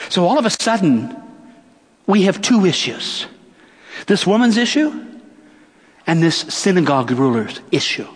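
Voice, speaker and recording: A middle-aged male pastor preaches very slowly, with dramatic pauses and rhetorical questions. His voice is somewhat high and husky. A long church reverb trails each phrase. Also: very animated. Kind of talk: sermon.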